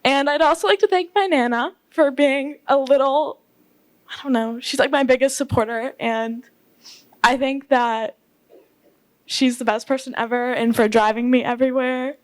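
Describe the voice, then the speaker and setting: A woman's voice: high voice, fairly even intonation, normal speed, no room sound. A young woman giving a sentimental, giggly thank-you speech at a ball. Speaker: pageant title holder giving an acceptance speech. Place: ballroom event.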